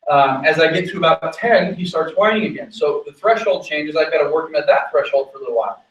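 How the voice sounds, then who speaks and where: A man working as a dog trainer, explaining his method while giving quick commands to a dog during an on-location training demonstration. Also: a little high, animated, fairly bright tone, roomy sound, distant mic, muffled recording.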